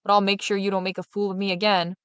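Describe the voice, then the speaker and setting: A woman's voice: medium pitch, level tone, fast, fairly bright tone, smooth, no room sound, natural voice. A woman voicing a greedy, vengeful male farmer who speaks bluntly and grumbles. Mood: grudging.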